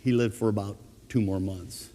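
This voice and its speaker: A man's voice: fairly low pitch, normal speed, big-room sound, slight background noise. Earnest man preaching in a church. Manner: earnest, animated preaching with told anecdotes. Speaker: pastor. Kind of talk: sermon.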